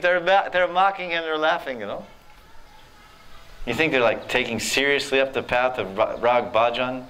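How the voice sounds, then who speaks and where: A man telling devotional stories in a sermon, animated, acting out characters and laughing often. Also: a little high, normal speed. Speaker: spiritual teacher. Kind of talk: storytelling sermon.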